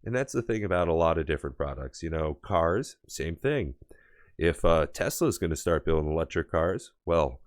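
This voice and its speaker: A man's voice: sits low, expressive, normal speed, dry recording, clean studio sound. An American man co-hosting a casual podcast from home over a remote call, rambling and enthusiastic, with many fillers. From United States. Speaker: podcast co-host. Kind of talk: casual chat.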